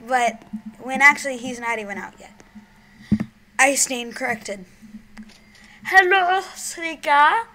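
A young woman giving gameplay commentary on her own channel, excitable, shrieking and giggling, then dropping to mumbled whispers. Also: fairly high pitch, measured pace, pauses often, background noise. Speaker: gaming YouTuber.

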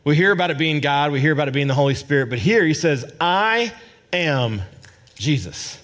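A male pastor preaching a sermon at a church service. He swings dramatically between loud emphasis and hushed, low asides, sometimes repeating words as he searches for a phrase. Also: very fast. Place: church service with a responding congregation.

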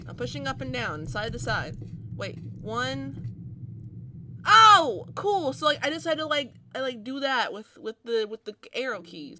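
A woman's voice: sits high, noisy background. A young woman giving let's play commentary on horror games who swears a lot and shrieks at scares. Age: young adult. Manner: jumpy and profane, shrieking at scares. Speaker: gaming video creator.

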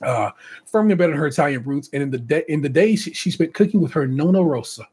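A man's voice: fairly high pitch, lively intonation, quick pace, a little mellow, breathy edge. A man hosting a casual podcast, reading out contestant bios and breaking off for chatty asides and laughter. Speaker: podcast host.

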